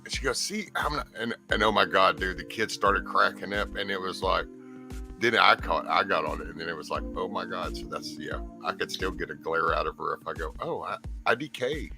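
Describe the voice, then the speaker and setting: A man's voice: low voice, steady tone, brisk, vocal fry, over music. A man co-hosting a casual chat, rambling through stories and acting out what others said.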